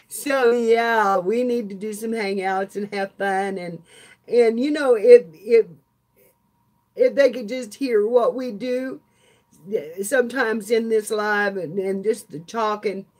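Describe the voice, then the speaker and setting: Speaking slowly in a somewhat high, slightly mellow voice with a steady tone, an older craft channel host chats casually with viewers on a live stream. She's talkative and laughs frequently.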